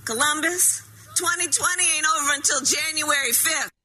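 A woman's voice: on the high side, lively intonation, a little slow, pushed and bright. A woman politician giving emphatic public remarks. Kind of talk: public speech and press remarks. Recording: roomy, distant archive clip with background noise.

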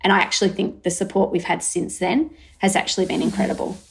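An Australian woman, a brand founder, telling a long story in an interview, acting out her thoughts with lively quoted asides. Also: medium pitch, fast, creaky. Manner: lively, acts out her own thoughts in quotes, many fillers. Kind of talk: animated storytelling in conversation.

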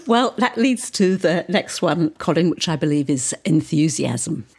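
A woman's voice: sits low, lively intonation, measured pace, breathy edge. A woman hosting an interview, asking short prompting questions. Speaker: host.

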